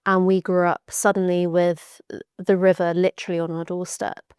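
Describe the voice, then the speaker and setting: A woman's voice: on the low side, little pitch movement, moderate pace, darkish tone, clean tone, no echo, clean studio sound. A young woman, an author and science communicator, telling her story in a chatty, reflective way as a podcast guest. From Devon, England (born in Georgia, USA). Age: young adult. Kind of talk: podcast interview.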